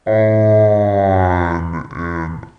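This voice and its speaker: Slow deep droning caller. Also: female voice, full character voice. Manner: extremely slow, flat drone. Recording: tinny phone-like sound over faint music.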